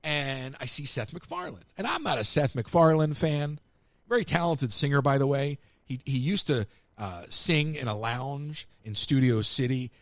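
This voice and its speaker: A man's voice: mid-range voice, normal speed, dry recording. A man hosting a live call-in show, telling casual anecdotes and acting out what other people said. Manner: animated anecdotes, acts out other people's lines. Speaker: radio show host. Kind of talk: casual storytelling to live callers.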